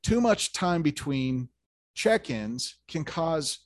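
Male host, animated storyteller who stammers and restarts, dry close mic. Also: on the high side, slow pace, dry recording. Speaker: podcast host. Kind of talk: casual interview chat.

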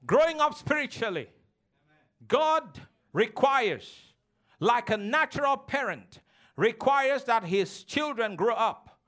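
A man with a strikingly high voice preaching a sermon in church. He calls on the congregation to answer back and slips into playful childish voices to make his points. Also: big pitch swings, slow, fairly bright tone. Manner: preaching with call-and-response, mimicking childish voices. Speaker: pastor.

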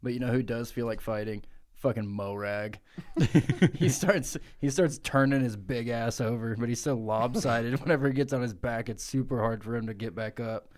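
A man improvising a crude comic story on a podcast, laughing between lines as he goes. His voice is of middling pitch and he swears freely. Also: normal speed, a little mellow. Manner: profane, giggly riffing. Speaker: podcast co-host.

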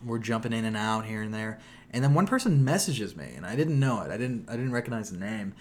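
A man hosting a gaming podcast, telling a story in an animated, profane way. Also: lowish voice, fast talker, slight background noise. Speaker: podcast host. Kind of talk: casual chat.

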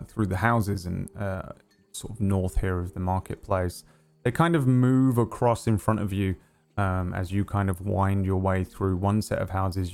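A man narrating as game master for a tabletop game, halting with many pauses. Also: lowish voice, a little mellow, clear, resonant tone. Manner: halting, full of ums and uhs.

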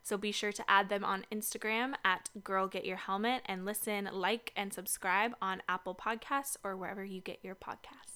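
A woman's voice: mid-range voice, steady tone, moderate pace, few pauses, pushed and bright, smooth. A young woman co-hosting a casual podcast from a basement home studio, upbeat and chatty. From Seattle area. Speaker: podcast co-host. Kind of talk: casual chat.

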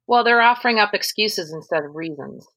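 A woman co-hosting a casual chat, speaking in a measured, agreeable and wry way. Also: medium pitch, animated, a bit bright, no echo. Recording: dull lo-fi sound.

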